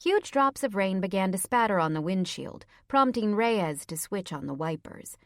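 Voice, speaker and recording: Woman, first-person audiobook narrator, soft even read, close dry studio mic. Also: medium pitch, moderate pace, no echo.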